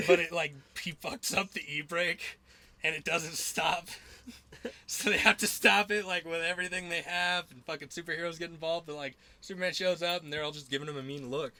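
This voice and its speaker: Bright-voiced young man chatting casually. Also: on the high side, moderate pace, dry recording. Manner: rambling and profane, lots of filler words and laughter. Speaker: podcast host. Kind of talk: casual chat.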